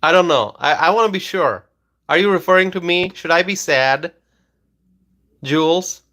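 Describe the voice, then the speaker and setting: A man's voice: a little high, moderate pace, bright, forceful tone. A man hosting a political livestream, talking insistently with many fillers and repeated phrases, then reading chat comments aloud.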